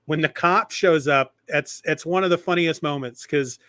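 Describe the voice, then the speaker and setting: A man co-hosting a podcast, retelling comic stories in a lively, animated way. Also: on the high side, normal speed, no echo, clean studio sound. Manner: animated retelling, acting out quoted lines. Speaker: podcast co-host. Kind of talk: casual chat about comics.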